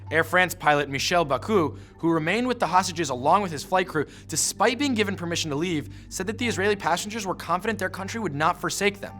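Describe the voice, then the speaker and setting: A man narrates a scripted history explainer at a rapid clip, with a bright, forceful edge to his voice. He tells the story punchily and drops in wry asides. His voice sits a little high, over soft background music. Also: animated.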